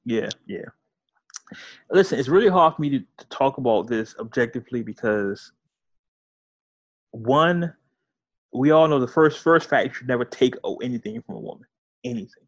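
A man's voice: medium pitch, expressive, normal speed, long pauses, husky, no room sound. A man co-hosting a podcast, chatting loosely and joking with slang. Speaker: podcast co-host. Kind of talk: casual chat.

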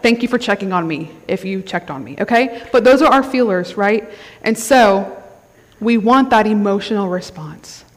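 A woman's voice: medium pitch, animated, moderate pace. A woman giving a conversational sermon at a conference, often checking in with the crowd. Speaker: conference speaker. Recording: long hall reverb.

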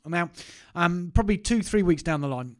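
A man's voice: high voice, expressive, moderate pace. A man, telling a personal story to camera in a chatty, self-mocking way. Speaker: business owner vlogger. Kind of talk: casual anecdote to camera.

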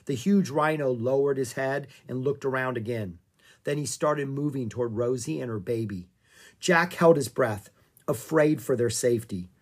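An audiobook narrator reading a children's story aloud in a calm, expressive way. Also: mid-range voice, moderate pace.

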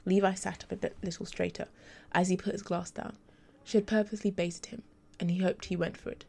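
Gravelly woman reading a story aloud. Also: lowish voice, flat delivery, fairly quick, dark tone.

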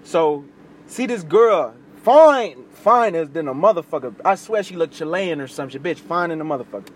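A man's voice: moderate pace, slight background noise. A young man telling a crude, slangy story in casual chat, acting out other people's voices with big jumps. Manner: animated, acts out quoted voices with big pitch jumps; crude slangy street talk.

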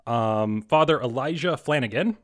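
A man narrating a tabletop horror game as game master, halting with many pauses and restarts. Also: medium pitch, lively intonation.

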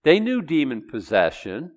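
A middle-aged pastor preaching an expository sermon, animated, acting out Bible voices and quizzing his congregation. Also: a little high, measured pace. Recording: long hall reverb.

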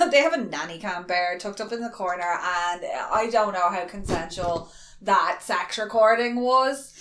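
A woman's voice: medium pitch, lively intonation, measured pace, fairly bright tone, roomy sound, slight background noise. A woman co-hosting a casual podcast, talking bluntly, swearing casually and laughing a lot. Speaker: podcast co-host. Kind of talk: casual chat.

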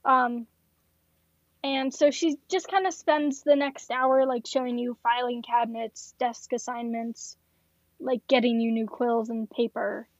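A woman's voice: fairly high pitch, steady tone, unhurried, no room sound. A woman narrating a tabletop game as game master, casual and full of fillers. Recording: dull lo-fi dry recording.

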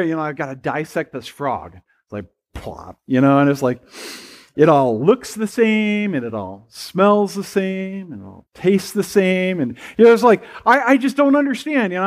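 A man preaching a sermon in a church in a conversational, storytelling manner with light humor. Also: a little high. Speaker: pastor. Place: church sanctuary.

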